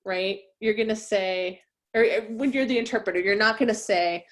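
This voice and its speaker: A woman leads a training session in an easy, conversational way. She keeps checking that her listeners follow along, and her voice sits at an ordinary middle pitch. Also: moderate pace. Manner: conversational, checks in with frequent "right?". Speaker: interpreter trainer. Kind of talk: webinar training presentation.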